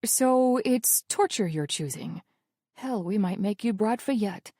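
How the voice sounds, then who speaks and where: Woman reading a snarky friend, teasing and dry, bouncy pitch, audiobook. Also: expressive, slow pace, dark tone, no echo. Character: blunt sarcastic young woman friend.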